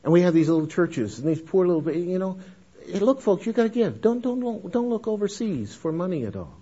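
A man's voice: high voice, animated, a little fast, warm tone, slightly rough. A man giving an emphatic, folksy missions talk to an audience, calling them folks. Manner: emphatic, addresses listeners as folks. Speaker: missions speaker. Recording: dull lo-fi lecture recording.

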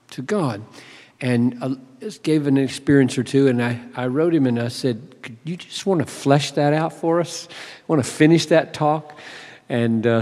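Relaxed pastor introducing a speaker, hall echo. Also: male voice, mid-range voice. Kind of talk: sermon introduction.

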